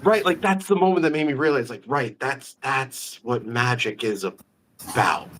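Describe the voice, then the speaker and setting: A man hosting a casual live-stream interview, an animated storyteller full of quick asides. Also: mid-range voice, a little hiss or hum. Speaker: magician, host.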